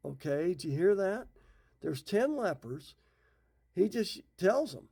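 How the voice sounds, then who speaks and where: A man's voice: high voice, very animated, slow, creaky, dark tone, slightly rough. A middle-aged man who teaches the Bible, retelling scripture stories in a folksy, casual way. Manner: folksy, retells scripture in his own words.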